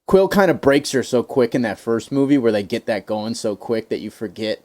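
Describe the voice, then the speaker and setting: A man in casual podcast chat, voice at an ordinary middle pitch. He rambles and swears freely, acting out bits of scenes as he goes. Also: normal speed. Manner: rambling, profane, animated retelling of scenes. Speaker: podcast co-host.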